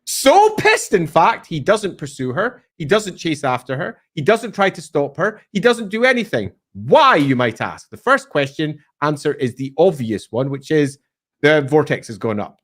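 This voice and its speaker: A man co-hosting a podcast, retelling lore in a casual, animated way with playful asides. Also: fairly high pitch, moderate pace. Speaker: podcast co-host.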